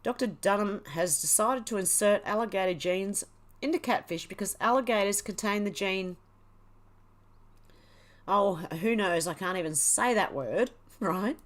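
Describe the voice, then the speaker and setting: A woman chats through a casual livestream in a mid-pitched voice. She reads out headlines and viewer comments and reacts aloud with exclamations and easy laughter. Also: lively intonation, a little slow, pauses often. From Australia. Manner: chatty, exclaiming, laughs often. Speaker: livestream host. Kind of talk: casual livestream chat, reading news and comments.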